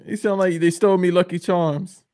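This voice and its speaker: A man's voice: high voice, steady tone, normal speed, a little mellow, no echo, studio quality. A man on a casual wrestling podcast, giving blunt, slangy opinions. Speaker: podcast guest.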